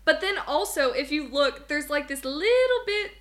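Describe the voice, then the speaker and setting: A woman's voice: high voice, expressive, moderate pace, fairly bright tone. A young woman co-hosting a podcast, chatting casually, giggling and reading bits aloud from an article. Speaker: podcast co-host. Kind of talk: casual chat.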